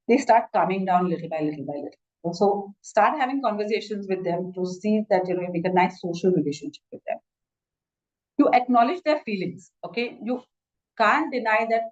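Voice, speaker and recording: Speaking at a medium pitch and a fairly quick pace with lively intonation, a woman doctor with an Indian English accent leads a masterclass. Her lecture is instructive, peppered with "you know" and restarted sentences, and the recording's highs are cut off.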